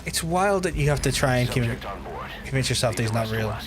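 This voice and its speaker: A man's voice: mid-range voice, animated, a little fast, background noise. A man streaming a video game, rambling and swearing in chatty asides to his viewers, close to his microphone. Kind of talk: casual gameplay livestream commentary. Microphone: close to the mouth.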